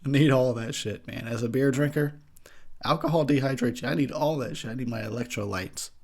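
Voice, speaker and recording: A man's voice: mid-range voice, fairly quick, darkish tone. A young man giving crude, joking commentary over a movie while drinking beer, laughing often. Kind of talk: casual drunk movie commentary.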